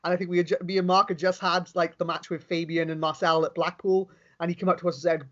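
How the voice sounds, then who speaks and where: Fast-talking young Welsh man. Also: on the high side, flat delivery, fairly bright tone. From Wales. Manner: fast, enthusiastic storytelling with many restarts. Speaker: interview guest, pro wrestler. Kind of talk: casual interview chat. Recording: dull lo-fi recording.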